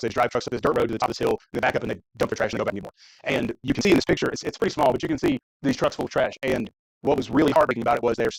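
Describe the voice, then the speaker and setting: A man preaching a casual, conversational sermon in church while showing mission trip photos, talking fast and often restarting his sentences. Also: medium pitch, gravelly, no room sound, poor audio. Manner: fast, conversational, self-interrupting. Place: church sanctuary.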